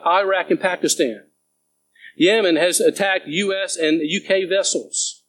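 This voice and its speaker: An earnest male pastor with a notably high voice, pressing his congregation with urgency as he preaches. He reads scripture aloud and tells stories from the pulpit. A faint hum sits under his voice. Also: rough recording. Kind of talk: sermon.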